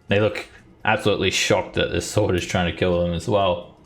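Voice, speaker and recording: A man's voice: sits low, level tone, moderate pace. A man running a tabletop game as dungeon master, narrating easily with chuckles and fillers.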